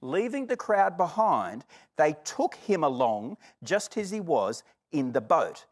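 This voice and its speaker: A middle-aged man preaching a sermon, lively and expressive, acting out the voices in the story. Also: fairly high pitch, slow pace. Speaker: pastor.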